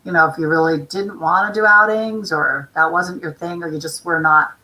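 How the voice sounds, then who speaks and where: Woman talk show host, chatty, long rambling explanations, low-pitched, bright tense tone. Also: steady tone, normal speed, low-quality recording. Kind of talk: casual interview chat.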